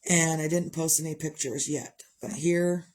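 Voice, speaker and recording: A woman's voice: sits low, fairly even intonation, a little slow, darkish tone. A middle-aged woman chatting candidly to her viewers, rambling and open about her grief. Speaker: vlogger. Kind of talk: casual chat.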